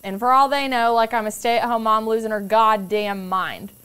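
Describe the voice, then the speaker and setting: A woman's voice: a little high, fairly even intonation, moderate pace, fairly bright tone, smooth. A young woman telling stories as a podcast guest, candid and casual, swearing freely and acting out other people's voices. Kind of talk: casual storytelling chat.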